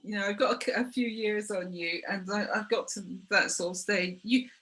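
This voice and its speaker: A woman's voice: medium pitch, normal speed, fairly bright tone, low-quality recording. Hesitant middle-aged woman hosting. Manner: hesitant, with many fillers and restarts. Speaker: host. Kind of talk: conversational interview.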